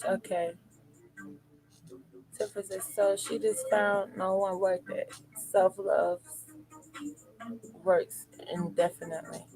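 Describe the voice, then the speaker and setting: A woman hosting a live stream, reading out viewer comments and reflecting on them in a relaxed, affirming way. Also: medium pitch, slow, pauses often, soft background music, low-quality recording. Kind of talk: casual chat.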